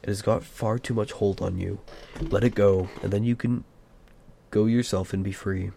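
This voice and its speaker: A man voicing an old male wizard, grave and stern, speaking in a measured way in an amateur audiobook reading. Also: fairly low pitch, vocal fry, mellow, a little hiss or hum.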